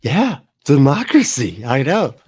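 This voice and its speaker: A man's voice: mid-range voice, wildly swooping pitch, measured pace, darkish tone, breathy edge. A man hosting a livestream, giving casual reaction commentary in a profane, sarcastic way and laughing often. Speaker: livestream host.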